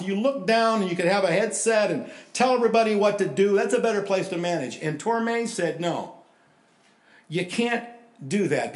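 Older male pastor, storytelling sermon, slightly high voice, reverberant room. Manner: storytelling, animated with sudden loud emphasis.

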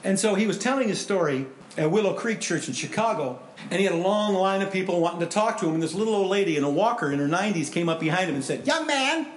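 A male pastor preaching a sermon, animated storytelling that swings between loud and hushed. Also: high-pitched, quick pace, roomy sound, slight background noise.

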